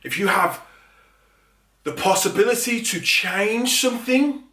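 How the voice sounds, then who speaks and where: A man speaks earnestly to the camera, and his emphatic delivery builds into anger. His voice sits a bit high for a man. He is heard from some distance in a roomy, echoey space. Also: very animated, measured pace, pushed and bright. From England. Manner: earnest, rising to emphatic and angry. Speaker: teacher and middle leader. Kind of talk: impassioned monologue to camera. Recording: echoey room, away from mic.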